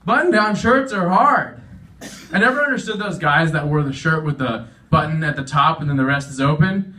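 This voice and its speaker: A man's voice: a little high, normal speed, pushed and bright, recorded from a distance. A young man doing a self-deprecating stand-up comedy set on stage, chuckling at his own jokes and acting out voices. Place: veterans' hall stage.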